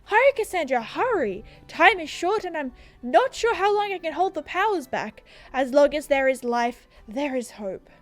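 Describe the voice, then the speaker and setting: Fretful male councilman in a game, Australian accent, melodramatic and alarmed, shrill rises as a woman puts him on. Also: sing-song, normal speed, hardly any pauses, faint music behind. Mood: urgent. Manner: dramatic, alarmed, pleading.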